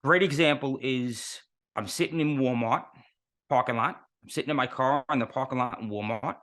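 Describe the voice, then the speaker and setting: A man talks as an interview guest, his pitch in the middle of the range. He tells his stories in earnest and works through them with rhetorical questions. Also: normal speed, a bit bright. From New York City. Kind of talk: casual interview talk.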